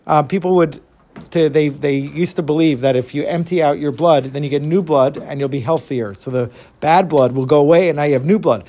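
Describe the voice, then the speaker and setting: A man telling a traditional tale in an animated way, pausing for explanatory asides. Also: on the high side. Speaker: storyteller.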